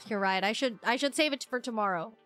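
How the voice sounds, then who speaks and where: A sleepy, excitable woman streaming a game, chatting and giggling as she plays. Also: fairly high pitch, fairly quick, soft background music. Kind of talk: casual live-stream commentary.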